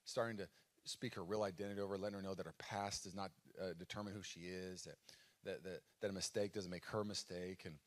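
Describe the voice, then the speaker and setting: A man's voice: deep voice, steady tone, quick pace. Casual storytelling male pastor. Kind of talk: sermon. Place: church auditorium, live service.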